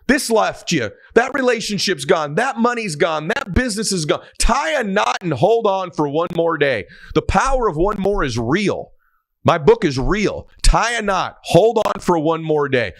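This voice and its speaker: Emphatic man giving a faith pep talk. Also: high voice. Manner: emphatic, preachy, urging. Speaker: motivational speaker.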